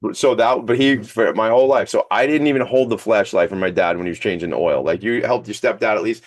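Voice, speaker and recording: A man's voice: fairly low pitch, quick pace. A man hosting a talk radio show in a studio, chatting casually with a guest in a rambling, jokey, enthusiastic way. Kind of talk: casual interview chat. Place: studio streamed on video.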